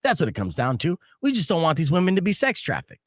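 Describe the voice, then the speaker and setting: A man's voice: on the high side, wildly swooping pitch, fast, a bit bright, no echo. A man hosting a live radio show, telling stories in a brash, casual way and swearing freely from a studio mic. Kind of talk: casual on-air storytelling.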